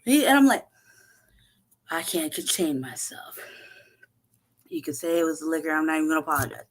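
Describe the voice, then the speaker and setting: A woman's voice: low-pitched, fairly quick, a little hiss or hum. Profane woman telling a story with laughs. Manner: profane, animated, laughs often, acts out quotes. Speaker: show host. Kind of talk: casual storytelling chat.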